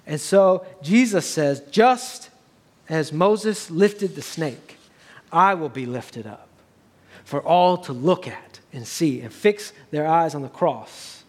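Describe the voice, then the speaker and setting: Guy pastor giving a sermon, higher voice, earnest and building up. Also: lively intonation, slow pace, darkish tone. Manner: earnest preaching, builds to raised emphatic passages.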